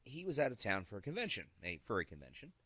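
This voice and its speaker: A man telling stories in a casual podcast chat, animated and acting out the voices of the people in them. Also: on the low side, fast, crowd noise. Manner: animated, acts out quoted voices. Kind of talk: casual storytelling.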